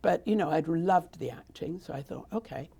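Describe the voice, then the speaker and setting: Gravelly, husky British woman. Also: on the low side, moderate pace, dark tone. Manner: rambling, with frequent restarts and asides. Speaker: interviewee, theatre founder. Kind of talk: casual conversational storytelling.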